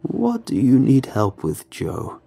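A man voicing a creepy, gaunt male sun creature with metal lips. He speaks in a slow, drawn-out, sinister croak. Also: mid-range voice, wildly swooping pitch, warm tone, soft background music, heavily acted. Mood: taunting.

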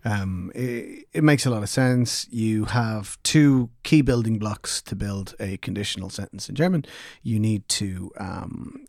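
Man, low and dry. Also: vocal fry, a little mellow, no room sound. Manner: joking, then halting with many ums. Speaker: podcast co-host. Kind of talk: casual explanatory chat.

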